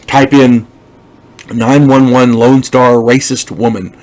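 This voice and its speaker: A man's voice: medium pitch, flat delivery, slow, darkish tone, low-quality recording. An older man giving a casual, opinionated review of a TV series, talking bluntly and rambling with lots of restarts. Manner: rambling, with frequent restarts and repeated words; emphatic, blunt.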